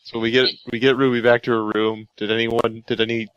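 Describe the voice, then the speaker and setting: Guy chatting at a tabletop game, smooth clear voice, dry close sound. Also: mid-range voice, level tone, brisk, a bit bright, no room sound, highs cut off. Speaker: player. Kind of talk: casual tabletop game chat.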